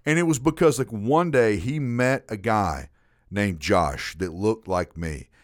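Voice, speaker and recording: A man hosting a podcast, telling a story in a casual, animated way with frequent repeats. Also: fairly low pitch, a little slow, no echo, studio quality. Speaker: podcast host.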